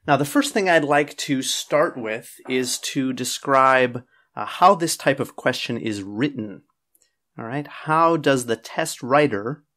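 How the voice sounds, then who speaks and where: Guy teaching exam prep from his office, mid pitch, keeps saying okay? and all right?. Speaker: IELTS teacher and test writer. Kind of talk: casual classroom lecture to camera.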